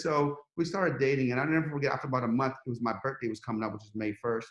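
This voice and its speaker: A middle-aged man, a podcast guest, telling a story in a lively, casual way and acting out the quotes. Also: mid-range voice, racing, few pauses, echoey room. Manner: animated, acts out quotes in a rising voice.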